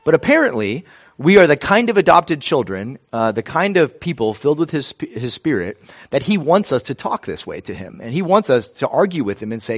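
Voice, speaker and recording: A man's voice: a little high, big pitch swings, brisk. Earnest man preaching, muffled sound. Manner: earnest, emphatic preaching with repeated phrases. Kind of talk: sermon.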